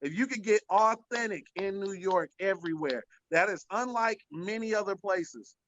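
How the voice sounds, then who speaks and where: A man from the American South trading comedic rants on a panel, animated and laughing, rising to shouts to make a point. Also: high voice, normal speed, lo-fi sound. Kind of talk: casual comedic banter.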